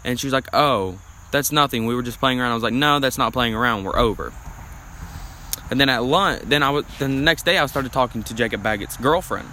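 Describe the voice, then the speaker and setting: Bright-voiced young man telling a story. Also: mid-range voice, brisk, a little hiss or hum, poor audio. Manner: rambling storytelling with many fillers. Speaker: podcast guest. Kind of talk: casual chat.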